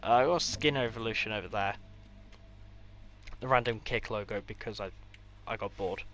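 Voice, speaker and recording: A man's voice: on the low side, normal speed, a bit bright, a little hiss or hum. A man giving a casual, rambling tour of his game builds, with offhand delivery and dry sarcastic asides. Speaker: gaming creator.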